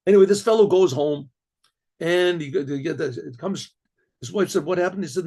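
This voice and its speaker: Gravelly-voiced man telling a story. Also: high voice, big pitch swings, measured pace, long pauses, darkish tone. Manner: repeats and restarts words often, frequent throat clearing. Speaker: storyteller rabbi. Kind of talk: spoken story narration.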